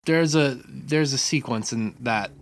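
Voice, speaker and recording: Animated man telling a gaming story. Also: medium pitch, a little slow, slight background noise. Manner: animated storytelling, frequent swearing. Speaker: podcast co-host. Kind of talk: casual chat. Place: apartment.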